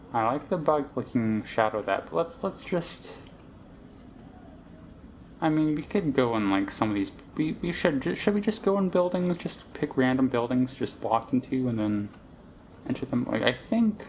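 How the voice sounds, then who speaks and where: A man's voice: medium pitch, a little hiss or hum. A man casually commentating a game he plays, rambling and thinking aloud with lots of fillers. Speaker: let's play host.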